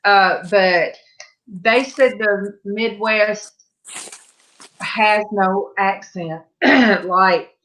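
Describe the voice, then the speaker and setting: A woman hosting a live stream, chatting casually with viewers in a slow, rambling way. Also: mid-range voice, fairly bright tone. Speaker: livestream host. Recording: muffled lo-fi audio.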